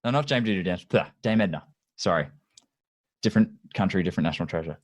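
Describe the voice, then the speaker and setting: A middle-aged man hosts a podcast in a chatty, eager way, laughing often and spinning his own stories between questions. His voice is on the low side, and the dry, close sound carries almost no room. He keeps the talk loose and conversational. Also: animated, quick pace, dry recording. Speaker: podcast host. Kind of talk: casual interview chat.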